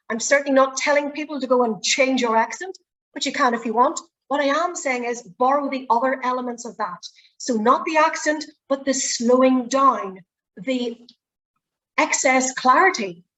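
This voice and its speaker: Woman running a speaking workshop, friendly and chatty, slightly high voice. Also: a bit bright, low-quality recording. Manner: encouraging, chatty, polite requests. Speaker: presentation skills trainer. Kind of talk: workshop teaching.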